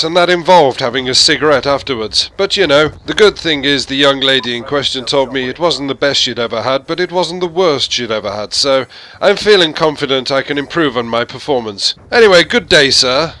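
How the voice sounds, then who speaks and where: A man's voice: medium pitch, brisk, bright, forceful tone, slight background noise, pitched above the performer's own voice, lightly acted. An English man voicing a prim, stuffy upper-class Englishman with a posh accent, talking in a pompous way.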